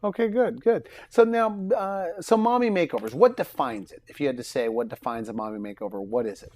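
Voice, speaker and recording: A man's voice: medium pitch, lively intonation, a little fast, darkish tone. A man hosting a talk show, asking eager, upbeat questions. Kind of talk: broadcast interview hosting.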